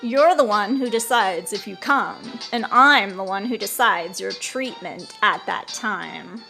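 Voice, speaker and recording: A woman's voice: mid-range voice, a little slow, vocal fry, pushed and bright, faint music behind. A woman reading out the lines of an angry male mafia boss in a casual paraphrasing way. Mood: threatening.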